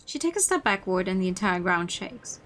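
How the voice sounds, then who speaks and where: A woman's voice: mid-range voice, big pitch swings, brisk, background noise. A woman streamer reading a story game aloud in the first person, narrating expressively with small slips and restarts. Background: background music.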